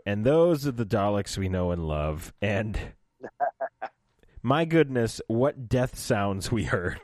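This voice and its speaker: A man co-hosting a casual podcast, recapping a show with lively asides and goofy voices for the characters. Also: lowish voice, slow, no echo, clean studio sound. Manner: animated, slips into goofy voices when retelling scenes. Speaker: podcast co-host. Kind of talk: casual chat recapping an episode.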